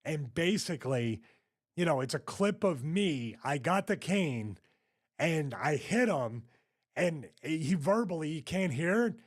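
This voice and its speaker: A man's voice: a little high, measured pace. Man telling a wrestling story, laughing. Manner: laughing, animated anecdote telling. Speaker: retired wrestler guest. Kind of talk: casual storytelling.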